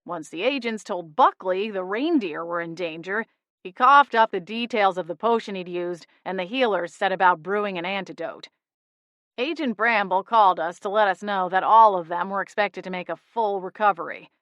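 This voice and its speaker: A woman's voice: medium pitch, moderate pace, fairly bright tone, no room sound, highs cut off. Woman narrating an audiobook, dry sound. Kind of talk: first-person audiobook narration.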